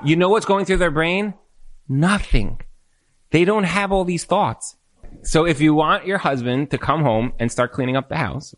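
A man with a fairly high speaking voice answers questions in a lively lecture. He talks conversationally, slipping into acted-out snippets of dialogue to make his points. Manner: animated, acts out quoted dialogue. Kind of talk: Q&A talk on marriage.

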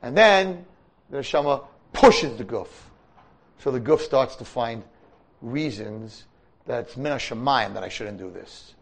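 A man's voice: mid-range voice, measured pace, creaky, poor audio. A man, a rabbi, giving a sermon to yeshiva boys, acting out the voices of people in his stories. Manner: animated, acts out voices.

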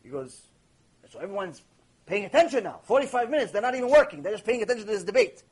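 A man, a rabbi, giving a Torah lecture and telling a story in an emphatic, animated way full of rhetorical questions. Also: high-pitched, fast talker, slightly rough.

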